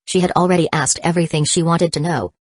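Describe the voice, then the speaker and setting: A woman narrating an audiobook in an even, unhurried reading with uneven pauses. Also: lowish voice, no room sound.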